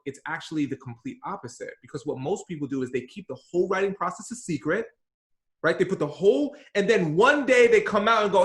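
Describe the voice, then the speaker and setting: A man's voice: high voice, a little fast. Emphatic man in an echoey room. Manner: emphatic, animated, slangy. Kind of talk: casual podcast chat.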